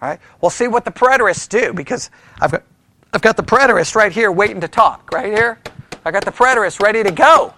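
A man teaching a church Bible study in an animated way, often checking with the class and acting out the voices of people who disagree. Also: high-pitched, a little fast. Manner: animated, talks to the class with frequent "right?" checks; mimics opponents in mocking quoted voices.

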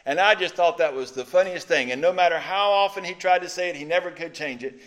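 A middle-aged man from the Mississippi coast with a Mississippi accent, preaching a conversational sermon with folksy stories and filler pauses. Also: fairly high pitch, fairly bright tone. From Mississippi Gulf Coast. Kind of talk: sermon teaching with folksy anecdotes.

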